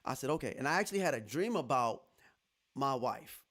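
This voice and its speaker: A man hosting a podcast, telling a personal story in casual chat, animated and laughing as he acts out what others said. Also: medium pitch, a little fast. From Texas. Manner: animated, laughing, quotes others in lively voices. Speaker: podcast host.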